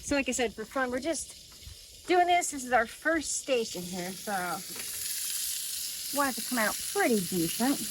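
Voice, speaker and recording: Casual cooking vlogger, a woman with a fairly high voice, talking through each step outdoors. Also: animated, normal speed, long pauses, noisy background. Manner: chatty, thinking aloud while cooking. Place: outdoors by a camper.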